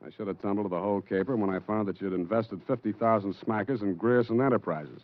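An actor playing a wisecracking, hard-boiled private eye who narrates in a dry, clipped way, 1940s radio drama. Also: male voice, lowish voice, fast, close to an everyday voice. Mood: narrating. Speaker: narrator and lead. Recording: dull old radio broadcast with music.

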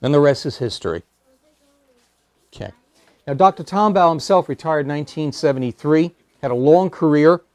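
A man's voice: on the high side, expressive, normal speed, long pauses, no echo. Man lecturing with dry, close sound. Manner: hesitant, many fillers, wry asides. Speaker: guest lecturer at astronomy club. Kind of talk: public lecture with slides. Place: meeting room.

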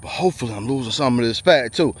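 A man's voice: medium pitch, lively intonation, fast, breathy edge. A man, talking to the camera in a preachy rant while walking outdoors on a bayou trail, sweaty and short of breath. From USA. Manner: loud, preachy rants with frequent laughs. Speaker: vlogger. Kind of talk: walking vlog monologue. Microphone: handheld camera while walking.

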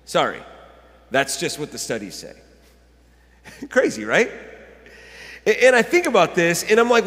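A man in his thirties preaching a sermon, telling stories with lively laughs and stumbling restarts. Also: high voice, moderate pace, long reverb tail. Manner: animated storytelling with laughs and self-corrections. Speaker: pastor. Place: church sanctuary.

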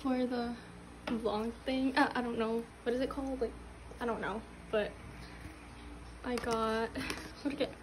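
A young woman vlogging casually at home, halting and restarting, gasping and squealing with excitement. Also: fairly high pitch, noisy background. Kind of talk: casual unboxing chat. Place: home room.

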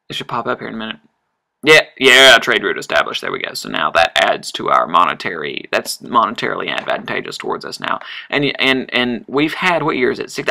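A chatty man talks through his strategy game in loose, meandering commentary. His gravelly voice swings widely in pitch and carries a bright, sharp edge. He trips over himself with fillers, then bursts into excited exclamations. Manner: rambling, chatty, frequent fillers and self-corrections. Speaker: let's-play host. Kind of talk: casual gameplay commentary.

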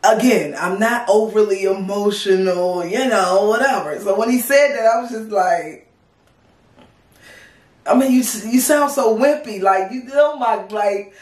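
A woman in her thirties with a DC-area accent, telling a story on a vlog. She is animated, profane and blunt, and she acts out what each person said. Her voice carries a roomy echo, picked up from a mic set back from her. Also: mid-range voice, unhurried, distant mic. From Washington DC area. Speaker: vlogger. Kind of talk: casual storytime.

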